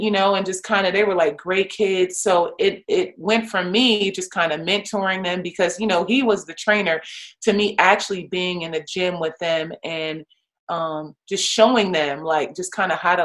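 Animated woman telling a story, low voice. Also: rough recording. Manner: animated, acts out others' voices with big pitch jumps; heavy use of "like" and "you know" fillers. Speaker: retired pro athlete turned coach, guest. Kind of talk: casual storytelling in conversation.

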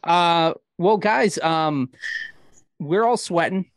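A man hosting a casual chat, upbeat and quick to chime in. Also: fairly high pitch, dry recording. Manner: lively, upbeat interjecting. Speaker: host. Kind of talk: casual video-call chat.

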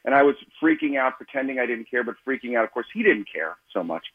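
A man's voice: medium pitch, expressive, quick pace, husky, narrow, tinny audio. A man from the Chicago area, an author and guest, telling candid, self-mocking stories in a radio interview and acting out the voices he quotes.

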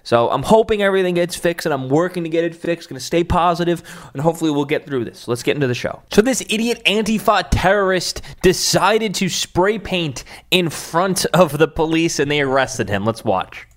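A man with a high, lively voice leads a political commentary show. He talks over news clips in a blunt, scornful way and mocks what he plays. His pitch swings widely as he talks. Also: a little fast, few pauses.

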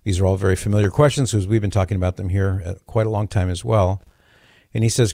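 A man hosting a call-in radio talk show, speaking in a measured, conversational way with occasional dry jokes. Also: low voice, fairly even intonation, dark tone, no room sound.

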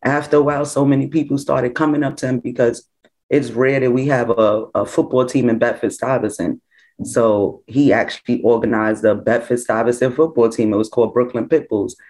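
A woman's voice: rumbling low, a little fast. A woman, a mother talking through family memories in an interview, casual and full of "like". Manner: conversational, full of "like", lively when quoting others. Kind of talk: personal storytelling in an interview.

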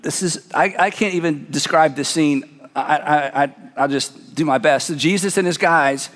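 A man preaching a sermon, retelling a story dramatically and dropping to a hush for emphasis. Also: fairly high pitch, moderate pace, long reverb tail. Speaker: pastor.

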